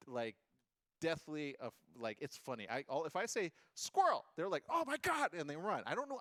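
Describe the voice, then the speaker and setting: A man's voice: on the high side, a bit bright, no echo, studio quality. A man hosting a radio and TV talk show, chatting casually with jokey asides and puns.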